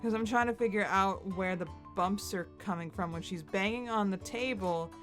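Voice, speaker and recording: A woman's voice: mid-range voice, moderate pace, faint music behind. A young adult woman hosting a casual reaction video, chatty and giggly with rambling asides.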